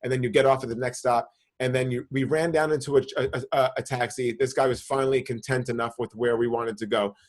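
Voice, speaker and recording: A man's voice: medium pitch, fairly even intonation, fast, hardly any pauses. A young man from the New York area telling a long profane story in casual podcast chat, full of restarts and "bro". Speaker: podcast co-host.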